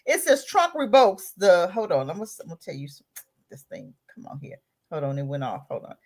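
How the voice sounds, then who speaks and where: A woman hosting a casual talk radio show, animated and mocking, laughing often as she talks. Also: on the low side, a little fast. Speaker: host.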